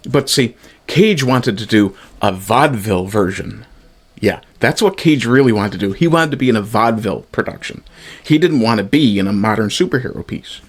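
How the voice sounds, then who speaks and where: A man's voice: fairly low pitch, animated, moderate pace. Sarcastic, swearing middle-aged man ranting. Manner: sarcastic and exasperated, swears often. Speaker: TV show reviewer. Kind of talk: ranting review commentary.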